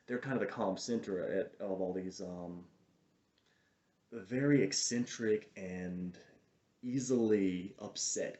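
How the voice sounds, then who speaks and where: A man with a low, mellow voice talks through a movie review in a loose, digressive way, often stopping mid-thought to search for a name. The sound is roomy and a little dull, like a modest home setup. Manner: chatty and digressive, trails off hunting for titles. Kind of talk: casual film review monologue.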